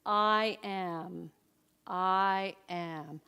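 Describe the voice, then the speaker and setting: A woman's voice: fairly high pitch, expressive, slow, a bit bright. A middle-aged woman giving a conversational sermon at a church service, often putting questions to the audience. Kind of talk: inspirational sermon.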